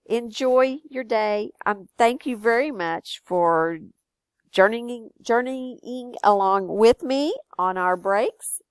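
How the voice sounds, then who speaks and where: An older woman, teaching students in a gentle, encouraging way. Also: on the high side, slow, smooth, no echo. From Texas. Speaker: educator. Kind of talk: friendly recorded lesson for students.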